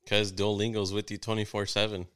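A man hosts a podcast in a relaxed, joking way. His voice sits low and comes through smooth and clear, with faint music behind. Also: brisk. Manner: laid-back, joking. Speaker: podcast host. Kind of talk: casual chat.

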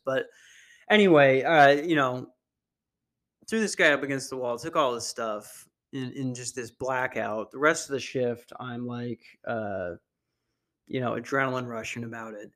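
A man's voice: mid-range voice, fairly bright tone. A young man hosting a solo podcast, rambling and profane with many restarts and fillers, recorded on a computer mic. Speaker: podcast host. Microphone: computer mic on a video call.

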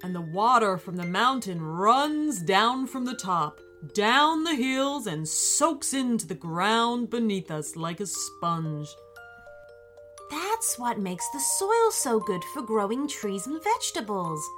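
A woman's voice: a little high, very animated, slow pace, a bit bright, faint music behind, heavily acted. A woman voicing a patient, kindly father explaining things to his daughter. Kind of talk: storybook character voice.

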